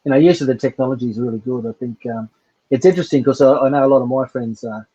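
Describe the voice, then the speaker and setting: An Australian man with a husky voice chats in a hesitant, halting way and fills his pauses with uhs. His voice comes through dull lo-fi call audio. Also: medium pitch, warm tone. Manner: hesitant, with many uhs and restarts. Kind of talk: casual chat.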